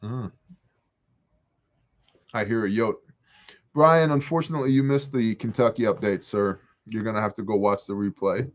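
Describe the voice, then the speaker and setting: A man hosting a casual livestream from a porch, reading viewer comments aloud and answering them with animated jokes. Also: lowish voice, normal speed, long pauses, lo-fi sound. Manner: joking, animated, reads chat aloud. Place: outdoors on a porch.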